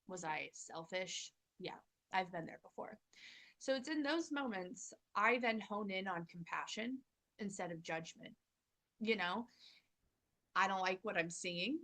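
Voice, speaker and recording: A woman's voice: on the low side, measured pace, pushed and bright. A woman hosting a parenting channel, talking earnestly to camera in a casual motivational style and acting out her own inner dialogue.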